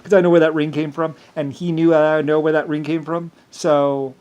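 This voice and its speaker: A man in a rambling personal monologue who talks haltingly, repeats words, fills pauses and chuckles often. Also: fairly high pitch, little pitch movement, a little mellow, lo-fi sound.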